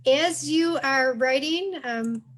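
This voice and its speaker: A woman moderating a webinar, reading out audience questions in a brisk, businesslike way. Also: high voice.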